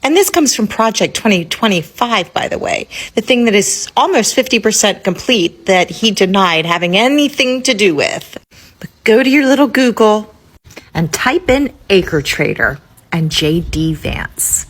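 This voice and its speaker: Husky woman, sarcastic political rant, swears a lot. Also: medium pitch, very animated, a little slow, fairly bright tone. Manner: sarcastic, scolding, profane. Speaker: commentator.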